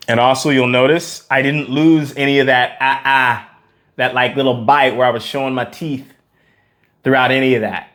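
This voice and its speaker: A man teaching a vocal warm-up lesson, explaining exercises energetically and often checking in with "okay?". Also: mid-range voice, moderate pace, pauses often. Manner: energetic, demonstrates vocal sounds between explanations. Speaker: vocal coach.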